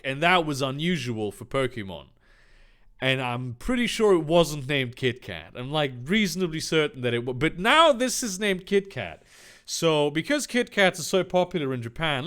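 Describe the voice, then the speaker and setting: Sarcastic young man reading fanfiction aloud. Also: a little high. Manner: sarcastic, deadpan asides, swearing. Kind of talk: comedic reading with commentary.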